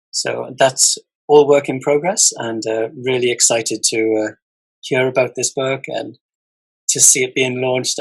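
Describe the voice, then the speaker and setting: A man's voice: medium pitch, vocal fry, breathy edge, rough recording. A man hosting an author podcast, chatting casually and hesitantly. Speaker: podcast host. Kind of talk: casual interview chat.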